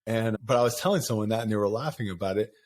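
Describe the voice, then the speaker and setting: A man's voice: fairly low pitch, racing, darkish tone. A middle-aged man hosting a podcast, talking candidly in a rambling, casual way and laughing often. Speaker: podcast host. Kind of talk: casual conversation.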